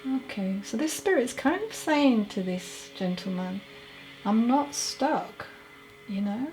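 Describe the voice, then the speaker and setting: A woman giving a solo mediumship reading as a psychic medium, talking in a halting, chatty way and correcting herself as she goes. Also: mid-range voice, big pitch swings, darkish tone, faint music behind, poor audio.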